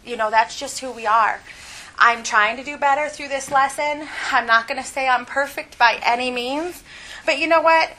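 A woman's voice: sits high, normal speed, bright, forceful tone, low-quality recording. A middle-aged woman teaching a Bible lesson at church, candid and confessional, laughing often as she talks.

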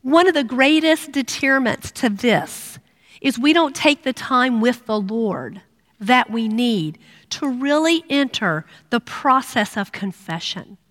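A middle-aged woman preaches with earnest, personal warmth, her voice sitting a little high for a woman. The sound carries a long reverb, as if in a large hall. She slips into a hushed tone when she voices prayers. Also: lively intonation, takes it slowly. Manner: earnest, drops to a hush for prayers. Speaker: women's ministry speaker. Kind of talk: sermon.

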